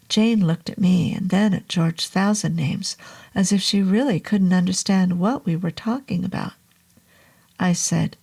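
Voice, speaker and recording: A woman reads a horror novel aloud, slow and hushed, with a low, husky voice. A gravelly fry runs through her words, and she drops to a whisper now and then. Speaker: narrator. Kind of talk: audiobook horror narration.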